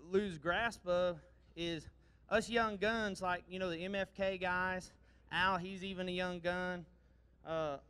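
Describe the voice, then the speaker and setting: A man in his thirties from Missouri talks to an audience over a handheld mic with a dry, close sound. His voice is high and ringing clear, and his delivery is folksy, jokey and full of energy. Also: sharp tone, no echo. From Missouri, USA. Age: 30s. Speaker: guest speaker presenting awards. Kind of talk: casual speech to an audience.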